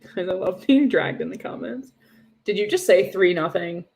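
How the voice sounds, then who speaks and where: A woman's voice: lowish voice, lively intonation, normal speed, gravelly, darkish tone. A young woman co-hosting a livestream, chatting casually and sarcastically about hockey with frequent laughs. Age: young adult. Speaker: podcast co-host.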